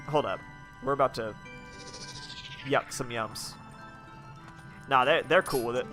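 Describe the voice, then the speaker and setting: A man's voice: mid-range voice, expressive, normal speed, long pauses, pushed and bright, faint music behind. A young man chatting casually as he plays a game, rambling with lots of restarts. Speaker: game streamer. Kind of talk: casual let's-play commentary.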